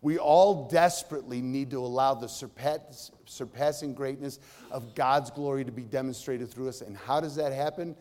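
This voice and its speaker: A middle-aged man preaching a sermon in a church. He talks in a conversational way, swinging between loud and hushed. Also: medium pitch, normal speed, few pauses. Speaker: pastor. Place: church sanctuary. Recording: long reverb of a large hall.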